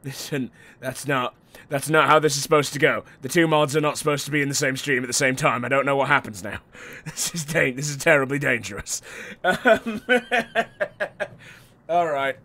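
A man streaming a horror game, his voice hoarse and strained from overuse, rambling and laughing between bits of chat with viewers. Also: medium pitch, fairly quick, pushed and bright. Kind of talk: casual gameplay livestream chat.

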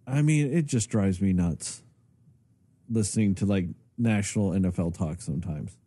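A man's voice: low voice, moderate pace, breathy edge, no echo. A man co-hosting a podcast in casual chat, ranting and swearing a lot as he talks. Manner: profane, ranting, animated. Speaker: podcast co-host.

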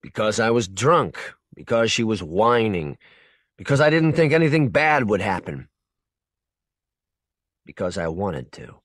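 A man narrating a short story for an audiobook in a measured, intense second-person voice. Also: on the low side, very animated, dry recording, studio quality. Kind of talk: scripted narration.

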